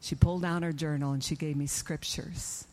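A middle-aged woman giving an animated testimony in a church service, acting out her own prayers and conversations. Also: deep voice, moderate pace.

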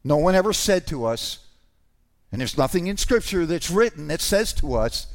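Guy preaching a sermon, kinda high voice that swings all over, casual asides, gets loud on the big lines. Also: normal speed. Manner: animated preaching, rising to shouts on key lines; informal, restarts and asides. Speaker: pastor.

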